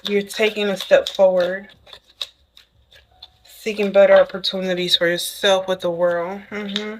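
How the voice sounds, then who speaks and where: Woman, tarot reader, excitable, chatty, casual, mid-pitched voice. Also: unhurried, a little hiss or hum, poor audio. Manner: excitable, chatty, keeps adding "okay?". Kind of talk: casual spoken tarot reading to the viewer.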